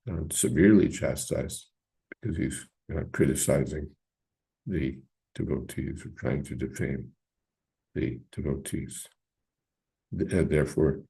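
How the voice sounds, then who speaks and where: A man with a dark, husky voice leads a scripture class. He talks in a halting, searching way, with frequent fillers and pauses. His delivery is informal and reflective. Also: a bass voice. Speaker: teacher leading a scripture class.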